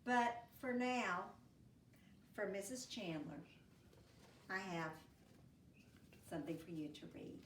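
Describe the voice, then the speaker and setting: Animated woman teacher reading a storybook. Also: mid-range voice, slow, long pauses, roomy sound, recorded from a distance, slight background noise. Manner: animated, expressive storybook voices for children. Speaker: first grade teacher. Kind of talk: reading a picture book aloud to children.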